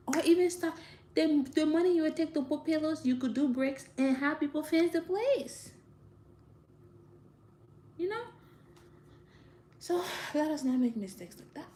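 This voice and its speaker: A woman talking casually to viewers, giving direct, animated advice and laughing often. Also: sits high, slight background noise. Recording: roomy echo, faint ambience.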